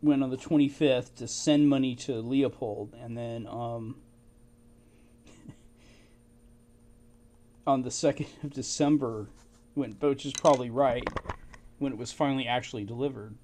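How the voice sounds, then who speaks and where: A man with a middle-pitched voice works through old documents, thinking out loud at a casual pace. He speaks haltingly, with fillers and short laughs. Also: steady tone. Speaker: amateur history researcher. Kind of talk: casual commentary reading documents.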